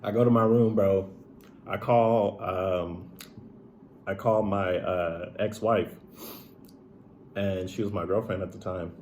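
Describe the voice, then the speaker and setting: A man's voice: sits low, fairly even intonation, slow pace, long pauses, a little mellow, a little hiss or hum. A man retelling a painful personal story in a casual, emotional, profane way, full of "like" and "bro". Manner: emotional, profane, filler-heavy, says "bro" often.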